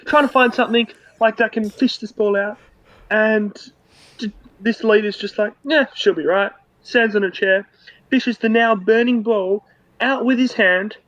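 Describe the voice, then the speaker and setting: A man's voice: sits high, fairly bright tone, no room sound. A man from Australia with an Australian accent, telling a cheeky, laid-back story in a casual voice note, recorded dull and lo-fi. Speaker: listener sending a voice note.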